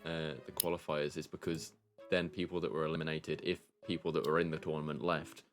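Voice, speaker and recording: A man hosting a game tournament with friends, commentating excitedly and laughing often. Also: a bass voice, fairly quick, soft background music. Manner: animated, laughs often, shouts at big plays.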